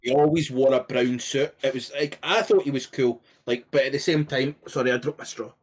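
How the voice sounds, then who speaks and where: A man's voice: mid-range voice, steady tone, brisk. A man, co-hosting a podcast and telling rambling stories in casual chat. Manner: laid-back, rambling storytelling with swearing. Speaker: podcast co-host.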